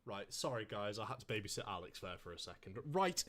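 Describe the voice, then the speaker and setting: Lively joking male race commentator. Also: mid-range voice, fast talker, hardly any pauses. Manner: excitable, jokey banter. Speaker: sim racing co-commentator. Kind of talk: casual esports race commentary.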